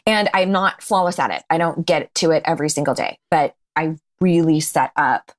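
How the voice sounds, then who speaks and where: Woman guest on an interview show. Low voice, candid, laughs easily. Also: normal speed. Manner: candid, laughs often, restarts mid-sentence. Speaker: podcast guest. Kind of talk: casual interview chat.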